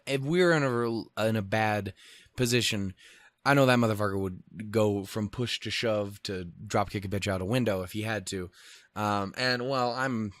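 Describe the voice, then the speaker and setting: A young man from Montana hosting a casual solo podcast, rambling and swearing, acting out other people in animated quotes. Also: on the low side, no echo. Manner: profane, rambling, animated quoting. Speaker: podcast host.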